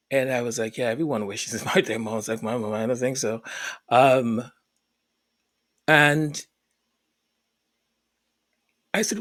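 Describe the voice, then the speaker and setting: A musician telling a chatty, unhurried story to introduce one of his songs. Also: medium pitch, fairly bright tone, no echo. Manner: unhurried, chatty, with pauses and fillers.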